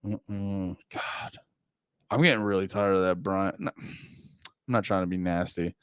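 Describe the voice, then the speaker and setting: A man talking casually on a livestream as a political commentator, rambling from quiet mumbles to loud, high-pitched outbursts. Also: steady tone, unhurried, smooth, no room sound.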